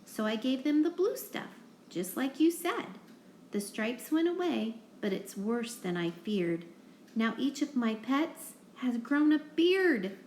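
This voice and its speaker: Woman doing fretful Mister Betts, high and pleading. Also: very animated, takes it slowly, a little mellow, a little hiss or hum. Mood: indignant. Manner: pleading, sing-song listing. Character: fretful pet owner man, worried. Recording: roomy echo.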